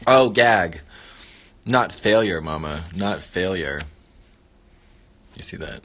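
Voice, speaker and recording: A man's voice: low voice, animated, takes it slowly, a bit bright. A man hosting a casual livestream, chatting playfully while he eats and rambling between muttered catchphrases. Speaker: livestream host.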